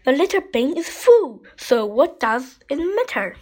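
A woman's voice: high voice, very animated, unhurried, darkish tone. A woman doing a dismissive young boy.

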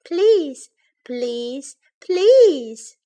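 Storybook part: woman as a little boy bear cub, high and pleading, slow and eager. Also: expressive, a bit bright, lo-fi sound, exaggerated voice.

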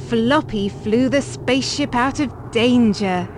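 A woman reading a children's picture book aloud, clear and deliberate, paced for young learners. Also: a little high, slight background noise. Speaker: storybook reader.

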